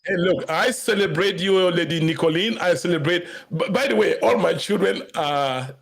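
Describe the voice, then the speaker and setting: A middle-aged man hosts a talk show with an upbeat, effusive warmth. His voice sits a little higher than most men's, and he pauses often on "uh" fillers as he searches for words. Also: creaky. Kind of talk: casual live talk show hosting.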